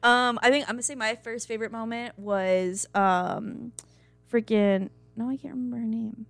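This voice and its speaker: A woman's voice: on the high side, normal speed, vocal fry, no echo, faint music behind. A young woman co-hosting a casual chat podcast, enthusiastic and giggly. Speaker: podcast co-host.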